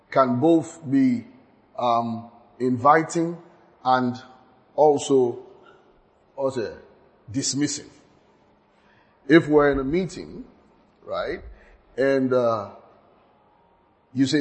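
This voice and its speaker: A man's voice: mid-range voice, takes it slowly, pauses often. A man giving a Bible teaching, working through examples and restating each key point, with frequent restarts. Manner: repeats key points, stammers and restarts, laughs at own slips. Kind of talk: teaching sermon.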